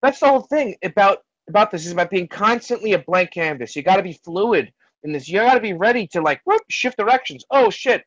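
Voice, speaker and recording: A man talking on a video call, rambling and loose, with plenty of swearing. His voice sits a little high, and the sound is dull and lo-fi. It carries almost no room echo. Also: animated, brisk, fairly bright tone. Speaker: hangout participant. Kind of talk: casual chat. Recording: dull lo-fi sound in a dry space.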